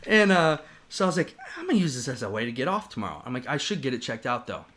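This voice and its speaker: A man on a podcast telling a story in casual chat, animated and profane, rambling with restarts. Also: medium pitch, fast. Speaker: podcast host.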